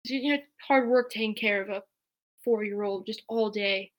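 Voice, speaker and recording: A woman's voice: medium pitch, moderate pace. A woman telling a personal story in a casual, chatty way, with many fillers. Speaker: podcast guest.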